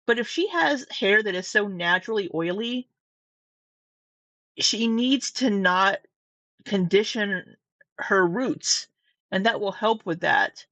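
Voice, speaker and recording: A woman's voice: medium pitch, expressive, takes it slowly, long pauses, a bit bright, no echo. A woman from Southwest Missouri with a Midwestern American accent, rambling casually through reaction commentary, with restarts and swearing. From Southwest Missouri, USA. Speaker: commentary vlogger. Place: home room at her desk. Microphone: camera mic close up.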